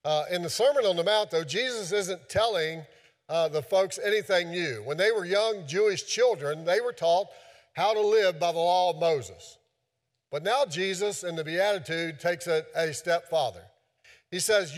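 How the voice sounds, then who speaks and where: A male pastor delivers a folksy sermon, stumbling through fillers and restarts along the way. His voice sits a little high for a man. It rings with the long reverb of a church hall. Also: normal speed.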